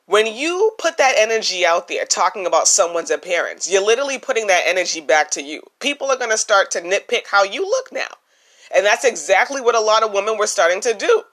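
A woman hosts a podcast and talks through her opinions in a loose, conversational way. Her voice sits at a middle pitch, and she keeps dropping in "you know" and "right?" as she goes. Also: sing-song, fairly quick, fairly bright tone. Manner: chatty, opinionated, many "you know" fillers. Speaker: podcast host. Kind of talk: casual commentary.

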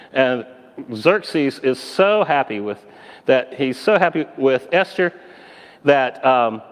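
Animated man telling a children's Bible story. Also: on the high side, long reverb tail. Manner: animated, lively character voices. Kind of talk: storytelling for children, voicing characters.

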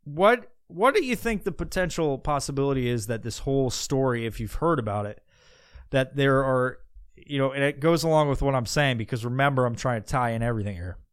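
Expressive and brisk, his smooth mid-range voice comes through clean studio sound without echo. As a podcast host he rambles casually on his own, cursing freely and frequently restarting his thoughts.

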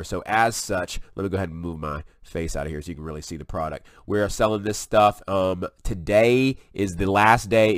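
A man hosting a casual preaching vlog, excitable and folksy as he talks through what is on his screen. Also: low voice, dry recording, clean studio sound. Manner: excitable, folksy, drawls "y'all". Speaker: online video host.

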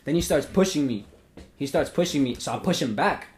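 A young man, hosting a podcast and telling a story in a profane, animated way with acted-out quotes. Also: fairly high pitch, fairly quick, slight background noise. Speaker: podcast host. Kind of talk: casual storytelling.

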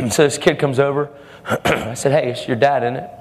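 A man's voice: medium pitch, steady tone, normal speed. A man preaching a sermon, telling a story in an earnest way and acting out the voices of the people in it. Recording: long hall reverb with faint music.

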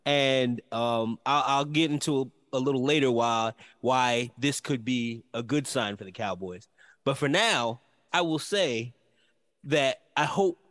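A man's voice: mid-range voice, unhurried, fairly bright tone, big-room sound. A man co-hosting a casual sports podcast, leading his own segment with a loose, joking delivery.

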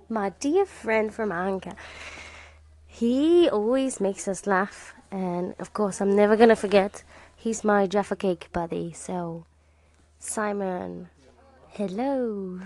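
A woman's voice: medium pitch, a little mellow, no echo. A woman from Romania hosting a casual podcast, chatting and thanking listeners who called in, often laughing. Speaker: podcast host.

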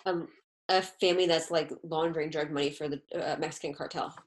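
A woman guest in a casual podcast chat, animated and gushing in quick bursts. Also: deep voice.

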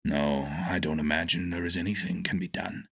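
A weary hermit, resigned and downcast, as a man reads him aloud. He talks slowly and quietly, a little lower than the reader's own voice, with a husky edge. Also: fairly even intonation, dry recording, studio quality, heavily acted. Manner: slow, resigned and low.

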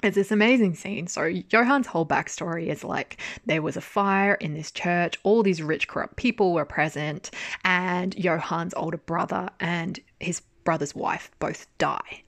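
A young woman chatting casually about a drama. She is animated, laughs often and swears. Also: on the low side, creaky, dry recording, clean studio sound. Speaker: drama reviewer. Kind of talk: casual chat.

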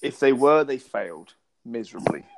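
A middle-aged man with a British accent, talking casually as a podcast co-host. He tells anecdotes with plenty of restarts and breaks into laughter between thoughts. His voice sits at an ordinary pitch for a man. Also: animated, moderate pace, background noise. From Britain. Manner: chatty storyteller, frequent restarts and laughs. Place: lives in Los Angeles.

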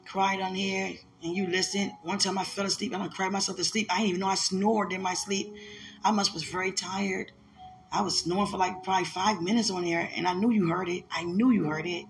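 A woman's voice: medium pitch, steady tone, brisk, faint music behind. A woman giving a heartfelt, emotional religious message, repeating herself and laughing often.

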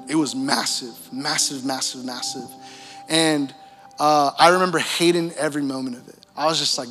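Young male pastor, bright forceful voice, casual slangy storytelling, live church hall reverb. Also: on the high side. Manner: animated storytelling, casual slang, laughs often. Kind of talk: sermon testimony.

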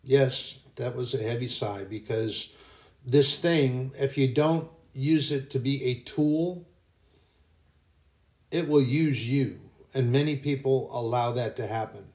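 A man's voice: medium pitch, takes it slowly, a little mellow, roomy sound. A man hosting a casual faith podcast, telling anecdotes in a rambling way that often corrects itself. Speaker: podcast host.

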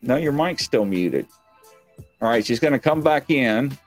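A man's voice: mid-range voice, lively intonation, measured pace, soft background music. A man hosting a live online talk show, chatting casually in a rambling, joking, self-mocking way. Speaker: livestream talk show host. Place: home stream set.

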